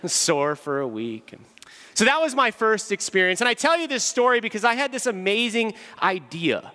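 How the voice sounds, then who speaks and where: High, bright-voiced man telling funny stories. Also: normal speed, in a large hall. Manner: self-deprecating, animated storyteller. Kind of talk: humorous storytelling talk.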